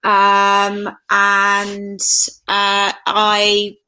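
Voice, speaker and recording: A woman's voice: mid-range voice, completely flat delivery, very slow, sharp tone. A middle-aged woman introducing herself as a guest on a video call, hesitant with many fillers. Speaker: guest, nanny agency owner. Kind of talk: self-introduction.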